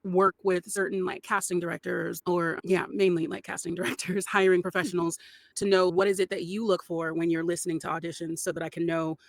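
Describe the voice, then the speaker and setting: A woman's voice: lowish voice, level tone, brisk. A woman voice actor, a guest on a podcast, chatting casually with lots of laughs, fillers and restarts. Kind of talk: casual podcast interview chat.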